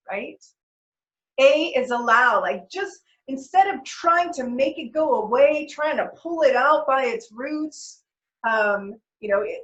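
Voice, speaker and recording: A woman's voice: on the high side, fairly bright tone. A woman talking casually as a parenting stress coach, chatty, full of "like" and "right?", and swearing freely. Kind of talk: casual self-help talk to camera. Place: home office. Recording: echoey room, dull lo-fi sound.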